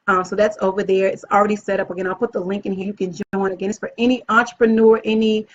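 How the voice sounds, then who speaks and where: A woman hosting a casual live video as an event planner, upbeat and chatty, often gushing about how excited she is. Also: mid-range voice, fast talker. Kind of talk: casual live-stream talk. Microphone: phone or webcam live stream. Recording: dull lo-fi live-stream audio.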